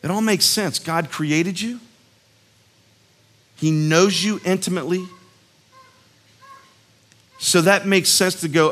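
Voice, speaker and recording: Man, pastor, sermon, bright tone, storytelling, emphatic. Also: high-pitched, fairly even intonation, slow, pauses often. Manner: conversational, storytelling with acted-out quotes; earnest, emphatic.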